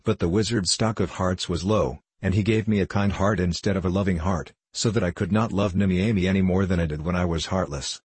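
A man's voice: sits low, fairly even intonation, brisk, few pauses, a little mellow, husky, no echo. A man reading as a formal, earnest tin emperor. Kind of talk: audiobook reading.

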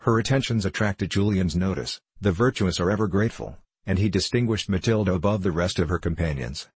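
A man's voice: low voice, a little fast, a little mellow, breathy edge, dry recording. Man reading as an anguished young novice. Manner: impassioned, faltering pleading.

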